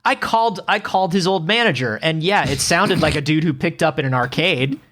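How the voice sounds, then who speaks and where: Animated sarcastic male podcast co-host. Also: fairly high pitch, fairly quick. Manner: animated, sarcastic, swears casually. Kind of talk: casual comedic chat.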